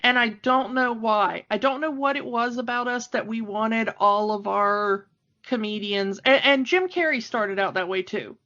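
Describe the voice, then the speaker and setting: A woman co-hosts a podcast in loose, chatty conversation, laughing often between thoughts. Her voice sits a bit high. The audio is somewhat dull and lo-fi. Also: a little slow, bright, forceful tone. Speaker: podcast co-host. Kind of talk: casual chat. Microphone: home microphone, remote call.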